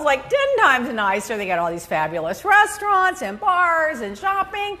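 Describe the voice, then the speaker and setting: A middle-aged woman with a high, bright voice tells a story on her podcast. Her pitch leaps up and down as she acts out her own reactions, swinging from grumbling to exclaiming. It is easy, chatty storytelling. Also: moderate pace, few pauses. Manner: animated, exclamatory, quotes herself in big swings. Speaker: podcast host. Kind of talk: casual storytelling chat.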